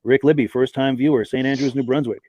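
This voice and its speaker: A man's voice: medium pitch, steady tone, fast, dark tone, no room sound. A man hosting a live podcast, chatting and reading out viewers' names and hometowns. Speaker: podcast host. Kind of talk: live-stream podcast chat.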